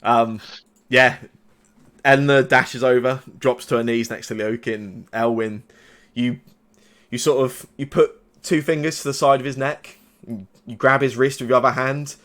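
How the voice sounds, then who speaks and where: A male game master narrating a tabletop role-playing game. He talks in a halting way, often restarting his sentences. His voice sits at an ordinary middle pitch. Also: a bit bright.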